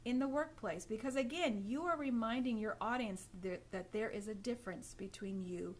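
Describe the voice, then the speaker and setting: A woman's voice: a little high, normal speed. Instructive woman coaching live viewers. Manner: instructive, direct, addresses viewers as ladies; acts out hesitant and confident speech examples. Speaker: etiquette coach. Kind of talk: live-stream tips to viewers. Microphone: phone or webcam.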